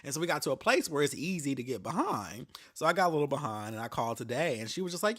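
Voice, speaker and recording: A man's voice: medium pitch, very animated, fast, hardly any pauses, fairly bright tone. A young adult man hosting a podcast, telling a story in a casual, profane rant and mocking the people he quotes. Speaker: podcast host.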